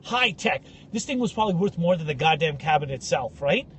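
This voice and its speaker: Rich: A young man with a high, bouncy voice that swoops up and down as he tells a story. He is animated and acts out the other people in his anecdotes. A faint hum sits under the podcast recording. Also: a little fast. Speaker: podcast co-host. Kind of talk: casual comedic storytelling.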